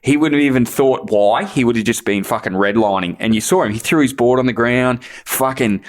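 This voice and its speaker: A man's voice: mid-range voice, fairly quick. Swearing man telling stories. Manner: swears a lot, laughing at his own prank story. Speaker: guest, bodyboarder. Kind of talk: casual storytelling.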